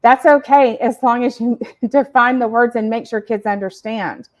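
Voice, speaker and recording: A woman co-hosting a parenting show, explaining points in a casual, warm way and laughing between them. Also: on the high side, moderate pace. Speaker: podcast co-host.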